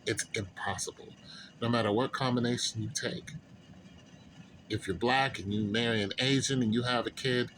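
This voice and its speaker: A man's voice: medium pitch, fairly bright tone, a little hiss or hum, rough recording. Earnest rambling man telling stories. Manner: earnest, rambling storyteller with many fillers. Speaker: vlogger. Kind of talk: casual monologue.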